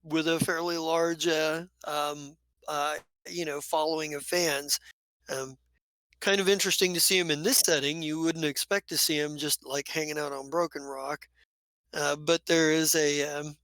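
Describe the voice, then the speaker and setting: A man's voice: on the high side, fairly even intonation, normal speed, a bit bright, clear, resonant tone, no room sound. A man acting as game master, narrating a tabletop game in a loose, rambling, descriptive way.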